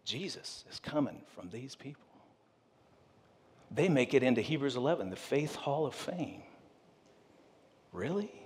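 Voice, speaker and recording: A pastor telling a story in a humorous sermon, animated and joking with his audience. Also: medium pitch, unhurried, long pauses, husky, long reverb tail.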